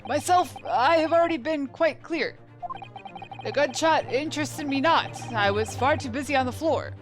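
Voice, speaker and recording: Pompous old male shopkeeper, read out by a woman, high voice, game music behind. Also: moderate pace, lightly acted. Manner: pompous, old-fashioned phrasing. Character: eccentric old male antique-shop witness. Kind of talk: reading game dialogue aloud.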